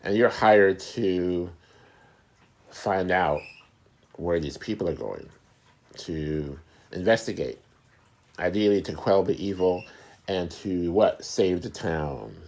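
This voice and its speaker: Deep-voiced middle-aged man explaining. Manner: unhurried, searching for words, repeats himself. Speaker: host. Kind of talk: casual explainer talk.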